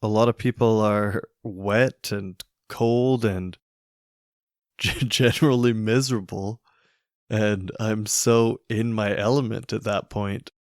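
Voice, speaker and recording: Man, solo podcast host, low voice, slow unhurried delivery, musing, hesitant, dry close sound. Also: no room sound. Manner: musing, hesitant, with fillers and restarts. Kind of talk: reflective solo podcast monologue.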